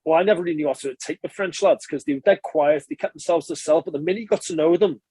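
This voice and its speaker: A man, a former rugby player, telling stories in a relaxed interview and chatting casually with frequent swearing and restarts. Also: fairly high pitch, rapid-fire, breathy edge, no room sound. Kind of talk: casual conversational storytelling.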